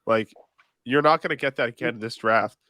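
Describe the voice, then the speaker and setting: A man's voice: medium pitch, brisk, pushed and bright, no room sound. A man co-hosting a podcast, chatting casually and wryly about sports. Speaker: podcast co-host.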